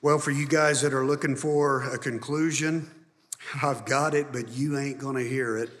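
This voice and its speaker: A man preaching a sermon, emphatic and climbing high and loud on key points, then dropping soft. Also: fairly even intonation, moderate pace. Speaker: pastor. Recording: long hall reverb.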